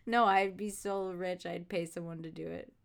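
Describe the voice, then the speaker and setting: A woman's voice: fairly low pitch, fairly even intonation, moderate pace, creaky. A woman hosting a casual chat, sarcastic and self-mocking, laughing often. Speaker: podcast host.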